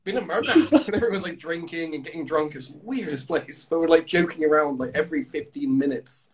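English guy hosting a podcast, bit high voiced, tells stories and acts out the quotes. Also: brisk. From England. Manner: animated storyteller, acts out quotes. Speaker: podcast host. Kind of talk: casual chat.

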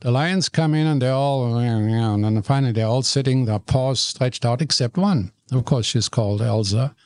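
An older man, a guest telling stories in an animated way, often stumbling and repeating words. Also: mid-range voice, moderate pace, dry recording. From Germany. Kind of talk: storytelling in conversation.

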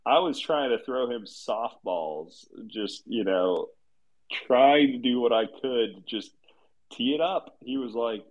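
A man's voice: medium pitch, slow, low-quality recording. A man hosting a casual online group chat, rambling and laughing often as he tells stories. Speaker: host of a live audio chat room.

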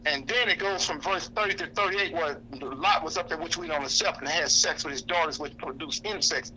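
A man's voice: fairly high pitch, fairly quick, bright, forceful tone, a little hiss or hum, rough recording. A man giving an impassioned, blunt speech to a lunch audience, preaching, quoting scripture and repeating himself for emphasis. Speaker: activist speaker. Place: indoor lunch gathering.

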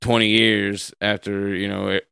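A man's voice: lowish voice, level tone, moderate pace, gravelly, bright, forceful tone, smooth, no echo, clean studio sound. A man talking loosely and profanely in a casual podcast chat, rambling and searching for his words.

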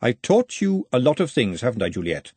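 A man's voice: mid-range voice, very animated, a little fast, darkish tone, breathy edge, dry recording. A man reading aloud, voicing a no-nonsense woman cook who snaps and gives firm motherly advice. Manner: snappish, bossy, motherly.

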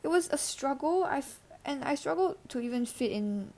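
A teenage girl from Singapore, hosting a personal podcast. She talks in a halting, emotional way, with many fillers and restarts, into a handheld mic. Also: sits high, lively intonation, a little mellow. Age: teens. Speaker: podcast host.

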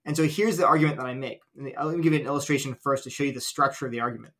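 A man's voice: medium pitch, fairly even intonation, racing, a bit bright. A man as an interview guest, earnestly explaining an argument step by step with illustrations. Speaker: guest apologist.

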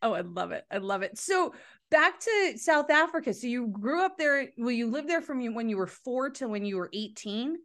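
A woman hosting a casual interview, effusive and animated, gushing often as she chats with her guest. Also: a little high. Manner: effusive, animated, quick to gush. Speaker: host.

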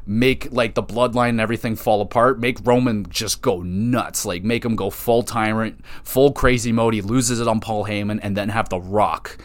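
A fairly low-voiced man talks straight into a close mic in a dry, dead room. He runs his solo podcast in a loose, profane style, getting excited and thinking out loud as he makes his picks. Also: normal speed, hardly any pauses, no room sound. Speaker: podcast host. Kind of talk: solo wrestling podcast predictions.

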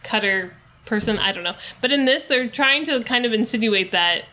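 A woman's voice: a little high, expressive, normal speed, bright, forceful tone. A young woman co-hosting a podcast, chatting casually about a movie with lots of fillers and laughs. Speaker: podcast co-host.

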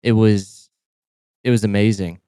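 Man, podcast co-host, smooth low voice, relaxed and profane, dry close mic. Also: dry recording. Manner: laid-back, swearing, quick to laugh. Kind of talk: casual podcast chat.

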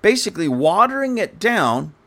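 A man's voice: high voice, big pitch swings, moderate pace, a bit bright. A man giving an indignant, sarcastic political commentary rant, speaking scornfully to his audience.

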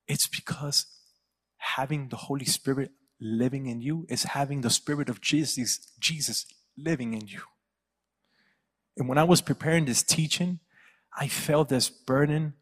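A man's voice: mid-range voice, a bit bright, slightly rough. Storytelling pastor man in echoey church. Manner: storytelling, acting out quoted voices. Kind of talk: sermon.

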